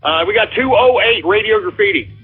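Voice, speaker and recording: A man's voice: sits high, a little fast. A man hosting a call-in radio show, ranting heatedly with lots of profanity and repetition. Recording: lo-fi phone-like sound.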